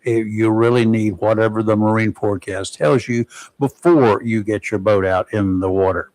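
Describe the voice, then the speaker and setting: A man's voice: on the low side, fairly even intonation, normal speed, darkish tone, no echo, rough recording. A man hosting a local talk radio show, chatting with a caller and reading the weather. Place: radio studio.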